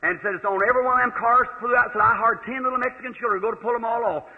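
A man's voice: very high-pitched, rapid-fire. A man with a Southern American accent preaching, telling a folksy testimony and acting out the people he quotes. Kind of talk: sermon storytelling. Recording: tinny old radio-like archive recording in a big hall.

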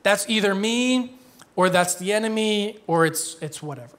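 Pastor guy in his 30s preaching casual, kinda high voice, jokes around and laughs a lot. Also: expressive, moderate pace, a bit bright. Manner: conversational, joking, laughs often. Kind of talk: sermon. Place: church.

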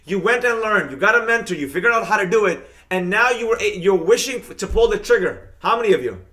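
Hyped, high-voiced man teaching trading live. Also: expressive, fast talker, pushed and bright. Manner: hyped, repetitive, chanting catchphrases; talks straight to viewers, reading their comments. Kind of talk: live-streamed market lesson.

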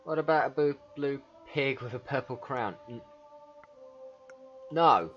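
Brief: man, mid-pitched, casual profane gamer reacting and reading text aloud, lo-fi sound. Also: steady tone, moderate pace, faint music behind. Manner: swears a lot, reads game text aloud and reacts. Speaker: gaming video creator. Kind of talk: casual let's play commentary.

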